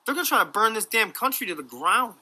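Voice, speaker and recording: A man's voice: sits high, big pitch swings, fast talker, pushed and bright. A man in his forties from the United States telling a combative story in a profane, mocking rant. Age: 40s. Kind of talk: ranting storytelling.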